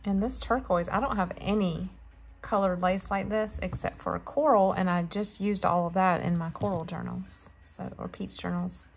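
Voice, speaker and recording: A woman's voice: lowish voice, normal speed. A woman chatting casually to her viewers as she shows off fabric she received, gushing and talking straight to the camera. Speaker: crafting vlogger. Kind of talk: casual show-and-tell chat.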